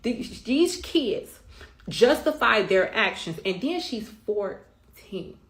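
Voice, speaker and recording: A woman's voice: a little high, big pitch swings, slow pace, a bit bright. A middle-aged woman speaking bluntly and with emphasis, often swearing, as a mother telling her side in a storytime rant. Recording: roomy echo.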